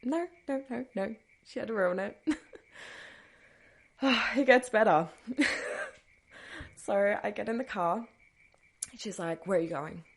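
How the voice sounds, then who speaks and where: A woman's voice: on the high side, takes it slowly, long pauses. A woman hosting a podcast, telling a personal story in a casual, chatty way, breaking into nervous laughs and trailing off with dismissive asides. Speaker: podcast host.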